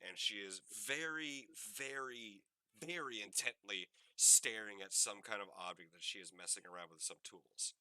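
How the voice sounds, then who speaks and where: Bright-voiced man narrating a tabletop game. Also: lowish voice, moderate pace, clear, resonant tone, no room sound. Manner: meandering, many "like" fillers, descriptive. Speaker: game master.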